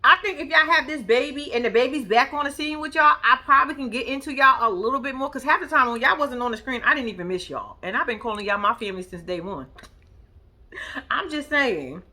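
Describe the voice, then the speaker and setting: Sassy, lively woman recapping reality TV. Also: high-pitched, fairly quick. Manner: sassy, blunt, profane and animated, talks straight to viewers. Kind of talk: casual recap commentary.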